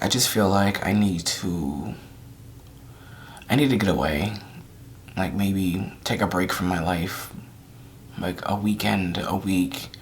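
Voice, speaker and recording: A man's voice: low-pitched, fairly bright tone. A man, talking straight to the camera in a raw confessional vlog. He is holding back tears, stops and restarts often, and lets his words fade into near-whispers. A faint hiss sits under the voice. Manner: halting, trailing off into near-whispers. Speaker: vlogger. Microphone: camera mic.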